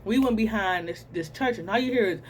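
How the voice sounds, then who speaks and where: A young woman, telling a storytime to viewers in a casual, animated way, acting out sounds and voices. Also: medium pitch, a little fast. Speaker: storytelling vlogger.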